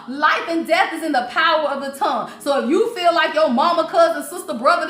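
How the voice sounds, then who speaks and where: High, sharp-voiced profane woman reader. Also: echoey room. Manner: blunt, profane, preachy, laughs often. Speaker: spiritual reader. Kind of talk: livestream reading recap.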